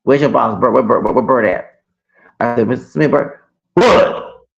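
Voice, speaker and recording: Man, gravelly voice, heated rambling rant, dull lo-fi recording. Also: medium pitch, fairly even intonation, brisk, a little hiss or hum. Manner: heated, rambling, repeats himself, swings loud and soft. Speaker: vlogger. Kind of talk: ranting personal story to camera.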